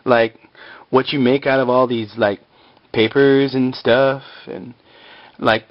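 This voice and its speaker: A man's voice: medium pitch, flat delivery, takes it slowly, lo-fi sound, lightly acted. A man voicing an easygoing young surfer-type guy who drawls and says dude a lot. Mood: puzzled.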